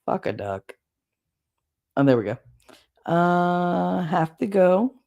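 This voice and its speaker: A middle-aged woman hosting a casual livestream, talking bluntly with plenty of swearing and quick laughs while she chats with viewers. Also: fairly low pitch, sing-song, creaky, a little mellow. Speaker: livestream host.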